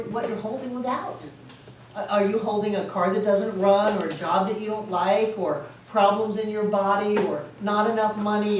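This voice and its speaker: A woman with a mid-range, slightly mellow voice teaches a spiritual class, animatedly telling stories, laughing often and acting out voices. It's a storytelling lecture, recorded from a distant mic in a very echoey room with faint hiss.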